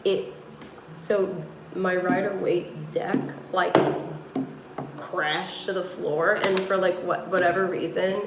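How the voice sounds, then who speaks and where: A woman's voice: lowish voice, fairly even intonation, slow pace, reverberant, heavy background noise. A woman with a New York accent, livestreaming from her room as a tarot reader, rambling to her viewers with many fillers. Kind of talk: casual livestream chat. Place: room at home.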